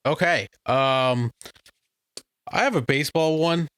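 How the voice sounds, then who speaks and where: A man's voice: on the high side, slow, fairly bright tone, smooth, no room sound, studio quality. A man co-hosting a comedy podcast, easygoing and chatty as he leads the segments. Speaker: podcast co-host. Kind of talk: casual chat.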